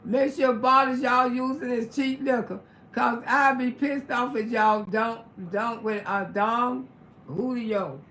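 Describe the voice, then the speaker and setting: Brash, high-voiced middle-aged woman storyteller. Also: fairly even intonation, takes it slowly, slight background noise. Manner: brash, profane, bursts into loud exclamations. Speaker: livestream host. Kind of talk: casual livestream storytelling. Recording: roomy echoey room.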